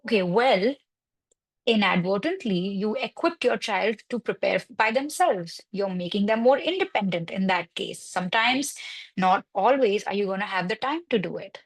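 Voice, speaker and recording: A woman's voice: mid-range voice, lively intonation, moderate pace, rough recording. A woman counseling psychologist in a webinar discussion, reassuring and explaining with everyday examples. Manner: reassuring, explains with examples and quoted parent worries.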